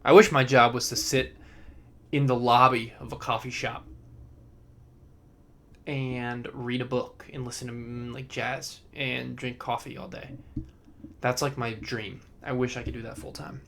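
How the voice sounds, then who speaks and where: A tired young man hosting a casual solo podcast, rambling and self-deprecating, drifting between topics and often trailing off into a low mumble. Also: little pitch movement, a little slow, vocal fry, pauses often, fairly bright tone, a little hiss or hum. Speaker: podcast host.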